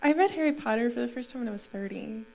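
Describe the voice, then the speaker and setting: A woman's voice: fairly high pitch, lively intonation, quick pace, vocal fry, darkish tone. A woman guest on a stage panel who talks in a chatty, enthusiastic way. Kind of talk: stage conversation.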